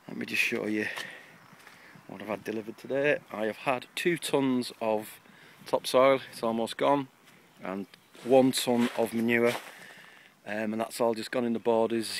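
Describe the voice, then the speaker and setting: Speaking at a fairly low pitch over slight background noise, a man shows viewers around his allotment. It's a casual, chatty tour full of rambling and self-mockery, captured outdoors with a camera mic.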